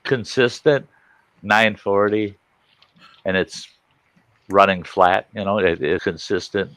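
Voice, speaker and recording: A middle-aged man tells a rambling, folksy anecdote in a relaxed chat, his voice sitting fairly low. He restarts his sentences often and drifts from one thought to the next. The sound is close and dry, with almost no room around it. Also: slow, no room sound. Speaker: host. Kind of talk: casual storytelling chat on a livestream.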